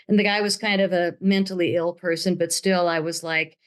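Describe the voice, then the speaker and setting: Older woman, interview guest, animated storyteller who plays out every quote. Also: on the low side, brisk, few pauses. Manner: dramatic, acts out quoted voices.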